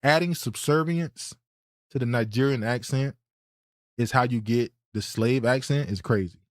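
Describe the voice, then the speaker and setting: A man delivers podcast reaction commentary in an indignant, blunt tone. He often repeats a word as he restarts his thought. His voice sits at a middle pitch and sounds dry, with no room around it. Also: normal speed, dry recording. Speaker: podcast host reacting to clips.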